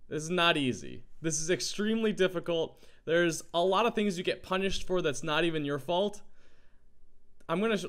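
A man with a groggy morning voice, chatting in a rambling, excitable way as he gives let's play commentary. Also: a little high, smooth. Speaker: gaming YouTuber.

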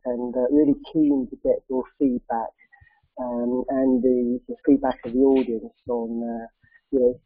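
A man in his thirties or forties with a croaky voice from a cold, giving a hesitant online presentation full of ums and uhs. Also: medium pitch, no echo. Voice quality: croaky, gravelly. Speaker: charity president giving a talk. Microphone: video call. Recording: tinny dry phone-like call audio.

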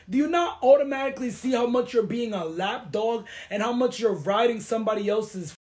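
A woman's voice: medium pitch, fairly quick, hardly any pauses, slight background noise. A young woman from the East Coast hosts a casual chat show. She argues in a heated, confrontational way, firing off questions and dropping into Spanish now and then. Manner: confrontational, animated, mixes in Spanish phrases. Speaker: podcast host.

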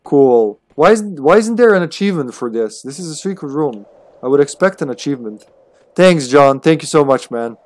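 A man's voice: fairly high pitch, lively intonation, normal speed, a little mellow, no room sound. A man streaming a game, chatting casually as he plays, swearing freely and thinking aloud. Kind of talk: casual gameplay commentary.

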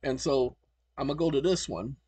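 A man's voice: mid-range voice, fairly quick, mellow, husky, no echo. A man hosting his channel, lecturing combatively and spelling words out letter by letter. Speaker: channel host. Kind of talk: commentary on screen recording.

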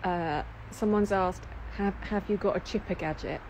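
A woman chips in beside the cook with dry, teasing remarks and reads out viewer questions. Background noise is clearly audible behind her voice. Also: medium pitch, moderate pace, darkish tone. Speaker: co-host reading viewer questions. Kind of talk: casual chat. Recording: noisy background.

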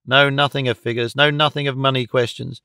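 Casting: terse, emphatic rent collector, smooth dry voice, read by a man. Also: medium pitch, little pitch movement, fairly quick, pushed and bright, no echo. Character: blunt snorting male rent collector.

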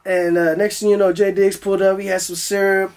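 A man's voice: high-pitched, flat delivery, a little fast, darkish tone. A young man telling a story in a loose, profane style, acting out his own voice as he goes. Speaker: guest. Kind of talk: casual storytelling.

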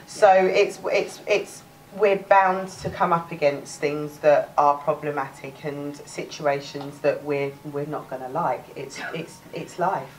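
A woman's voice: sits low, steady tone, a little slow, distant mic, slight background noise, low-quality recording. A woman with a Cockney accent teaching a live workshop, chatty, restarting words and laughing often. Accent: London Cockney. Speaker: workshop presenter.

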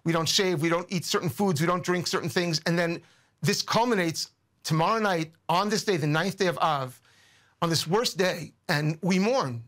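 Man, high voice, earnest, emotional, news interview guest, repeats words. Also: normal speed, fairly bright tone. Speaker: guest commentator.

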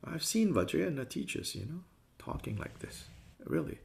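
A man's voice: on the high side, very animated, moderate pace, creaky, darkish tone. A man teaching a Buddhist class in a conversational way, often acting out the views he discusses with playful voices. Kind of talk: dharma class lecture.

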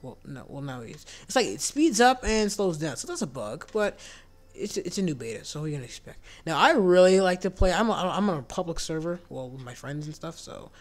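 Man, casual gameplay commentary, excitable, squeaky surprised outbursts, whispered asides, voice that cracks. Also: fairly quick. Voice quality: voice cracks when it goes high. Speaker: gaming channel host.

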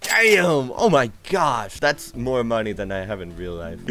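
A tired young man casually commentating a live game stream, playful and excitable, with frequent gasps and laughs. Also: medium pitch, slow pace. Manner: excitable, playful, frequent gasps and laughs, jumps between loud squeals and mumbling.

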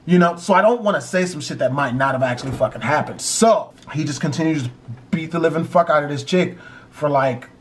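A man's voice: fairly high pitch, brisk, a little hiss or hum. A man telling a dramatic true story in a profane, emphatic vlog style.

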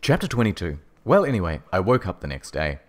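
Deep-voiced deadpan man narrating. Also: brisk, heavy background noise. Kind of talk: comedic dramatic reading.

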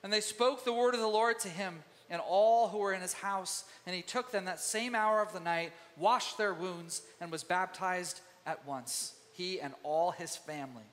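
A man preaching with a high, bright voice that carries through a long hall reverb. He is animated and talks to the congregation the way one talks to friends, and he acts out the voices of biblical figures. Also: normal speed, few pauses. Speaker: pastor. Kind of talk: sermon. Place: church sanctuary.

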